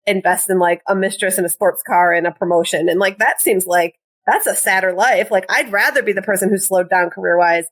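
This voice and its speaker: A woman's voice: mid-range voice, fairly quick, hardly any pauses. A woman in her forties with a Midwestern American accent, a podcast guest chatting casually with lots of "like" fillers and self-deprecating asides.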